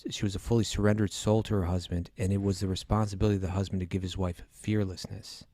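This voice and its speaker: A man with a low, mellow voice explains scripture in relaxed podcast talk. He often restarts his sentences as he works through his point. The recording is dry and close. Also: no echo. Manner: explains patiently, with many restarts and "you know". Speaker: teacher and co-host.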